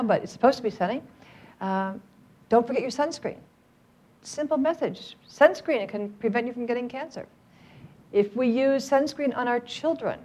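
A woman's voice: fairly high pitch, a little mellow. A middle-aged woman training a live audience, upbeat and joking as she coaxes them to speak up. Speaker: workplace trainer on cancer outreach.

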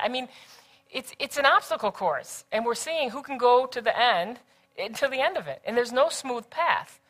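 A middle-aged woman lecturing students with career advice, animated and acting out the voices she quotes. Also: on the high side, fairly quick. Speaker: speaker giving career advice.

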